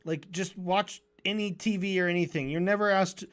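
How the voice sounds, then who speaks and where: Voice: mid-range voice, fairly even intonation, normal speed, few pauses. A streamer reviewing a debate in a casual, sarcastic, rambling way, often restarting mid-sentence.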